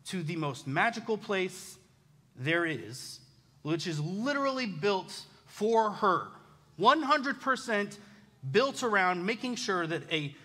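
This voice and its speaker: A pastor in his thirties preaches in a relaxed, self-mocking storytelling way. His voice sits a little high and rings bright. The sound carries a long reverb from the church hall. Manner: casual, self-deprecating storytelling. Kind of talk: sermon. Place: church sanctuary.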